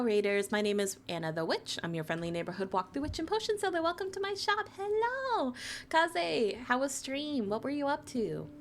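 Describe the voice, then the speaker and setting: Giggly, teasing woman streamer. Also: slight background noise. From New Jersey, US. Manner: playful, teasing, giggly, big swoops of pitch when excited. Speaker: live streamer. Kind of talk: casual live-stream chat with viewers.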